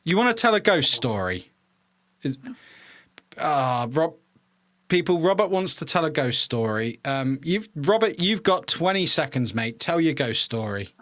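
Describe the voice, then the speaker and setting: A man co-hosting a live podcast in casual, rambling chat, often restarting and laughing. His voice is fairly high and swings widely in pitch. The sound is dry and close. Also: sing-song, unhurried, a bit bright, no echo. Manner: rambling, self-interrupting, laughs easily. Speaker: podcast co-host.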